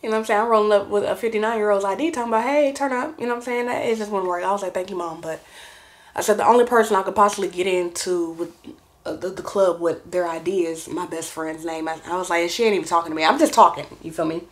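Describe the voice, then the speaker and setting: A woman's voice: medium pitch, flat delivery, fast talker. A woman in her twenties telling a personal story to camera in a slangy, chatty way, often turning to the viewer directly. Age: 20s. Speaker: vlogger.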